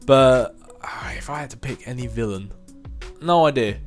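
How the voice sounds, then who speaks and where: Soft music plays behind this gaming video host, a man in his twenties answering viewer questions casually. He speaks at a moderate pace in a mid-range voice, rambling, poking fun at himself and laughing a lot.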